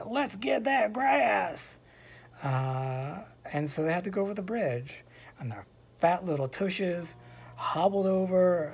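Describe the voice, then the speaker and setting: A man's voice: on the high side, a little mellow, breathy edge. A man casually telling a silly fairy tale from a hospital room, wandering into asides and sometimes dropping to a whisper. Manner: digressive asides, drops to a whisper at times. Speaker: storyteller. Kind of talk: casual rambling storytelling.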